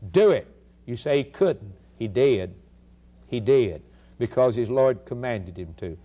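A male radio preacher delivering an emphatic sermon, firing rhetorical questions and swinging between loud declarations and hushed lines. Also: mid-range voice, unhurried.

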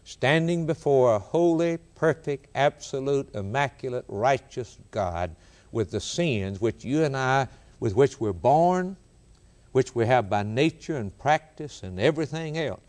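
A man preaching a sermon, rising in pitch to quote scripture and repeating key words for emphasis. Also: animated, unhurried, darkish tone.

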